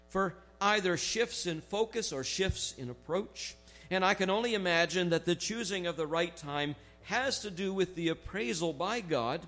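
A man preaching a sermon in a conversational way, slowing down to stress key phrases. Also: fairly high pitch, fairly bright tone. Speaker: pastor.

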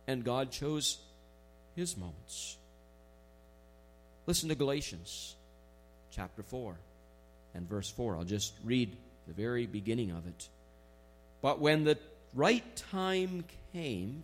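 A man preaching a sermon in a conversational way, slowing down to stress key phrases. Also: medium pitch, very animated, faint music behind. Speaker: pastor.

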